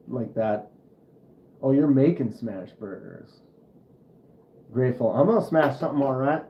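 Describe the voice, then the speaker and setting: A man's voice: medium pitch, echoey room, dull audio. A man with a Minnesota accent hosting a casual livestream, rambling and chatting back to viewer comments. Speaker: knife channel livestream host.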